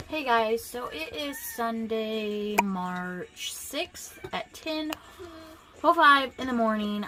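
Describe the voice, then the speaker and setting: A woman's voice: fairly high pitch, fairly bright tone. A woman giving a casual book vlog update, chatting loosely with lots of ums, likes and restarts. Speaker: book vlogger.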